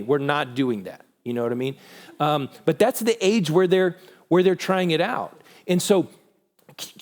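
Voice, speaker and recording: A middle-aged man speaking casually at a parenting conference, relaxed and conversational, answering questions from the room. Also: on the high side. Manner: relaxed and conversational, many restarts.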